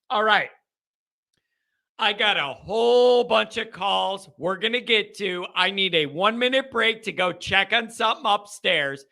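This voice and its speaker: A man hosting a call-in show, chatting casually and telling stories in an animated way. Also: sits high. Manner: animated, talkative storyteller. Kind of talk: casual chat.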